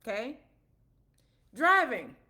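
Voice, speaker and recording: A woman's voice: on the high side, very animated, slow, pushed and bright. Chatty woman explaining with everyday examples. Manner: conversational, storytelling with quoted dialogue. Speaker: parent speaking about autism. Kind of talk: casual explanatory talk.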